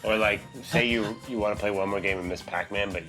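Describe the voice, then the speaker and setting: A man co-hosting a casual sports talk show, animated and jokey with lots of fillers. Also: lowish voice, a little fast, over loud music. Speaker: co-host.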